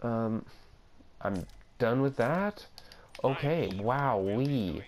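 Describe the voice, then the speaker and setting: A man's voice: mid-range voice, animated, very slow, slight background noise. A young man giving casual commentary over his own gameplay, rambling to himself and easily amazed. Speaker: gaming video creator.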